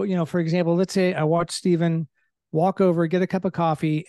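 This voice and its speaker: Warm-toned middle-aged man explaining. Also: a little high, no echo, clean studio sound. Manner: explains through everyday examples, candid about his own temper. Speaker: guest, leadership trainer. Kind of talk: casual conversational explaining.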